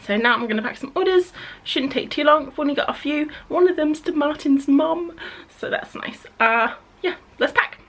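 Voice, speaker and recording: A young woman, chatting casually through her day in a relaxed vlog. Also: high-pitched, moderate pace, hardly any pauses. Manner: chatty and relaxed, self-deprecating. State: out of breath after a run. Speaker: vlogger.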